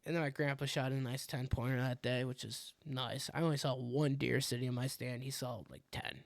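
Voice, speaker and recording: A man's voice: mid-range voice, steady tone, fairly quick, gravelly, no echo. A young man, co-hosting a podcast and animatedly telling a hunting story, acting out his own reactions as he goes. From Wisconsin. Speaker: podcast co-host. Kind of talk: casual hunting story chat.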